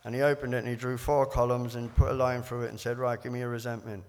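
A man gives candid personal testimony about his recovery, circling back and repeating words as he acts out old conversations. His voice sits at an everyday pitch and carries a long reverb from a hall. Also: flat delivery, fast talker, darkish tone. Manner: rambling, repeats words, quotes others in dialogue. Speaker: recovery speaker sharing his story.

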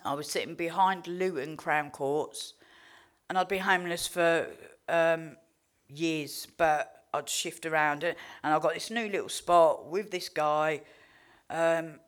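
A woman's voice: sits low, measured pace. Blunt, swearing English woman sharing her story. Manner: blunt, candid, swears freely; heartfelt, animated storytelling. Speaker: recovery speaker. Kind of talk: personal recovery testimony.

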